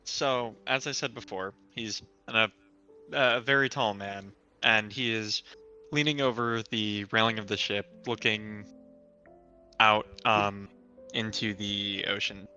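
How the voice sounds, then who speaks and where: A man with a very bright, somewhat low voice describes his tabletop character. He speaks slowly and hesitantly, pausing between phrases, with faint music playing behind him. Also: steady tone, smooth, dull audio. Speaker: player.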